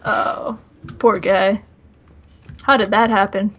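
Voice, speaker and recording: A woman's voice: medium pitch, level tone, slow pace, husky. A woman playing a co-op game with a friend, chatting casually and laughing easily. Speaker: co-op gaming partner. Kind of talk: casual co-op gameplay chat.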